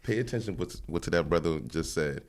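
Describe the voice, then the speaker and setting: A male podcast host with a lowish voice keeps a casual interview rolling. He hypes his guest and calls out to his listeners. His tone is loose and upbeat. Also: lively intonation, a little fast. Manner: hyped, gives shout-outs to listeners.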